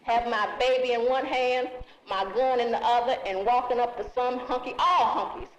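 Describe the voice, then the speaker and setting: A woman's voice: fairly high pitch, moderate pace. A woman activist speaking angrily and bluntly in an impassioned street interview, recorded on old film. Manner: angry, defiant, blunt. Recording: echoey, muffled 1960s film audio with faint hiss.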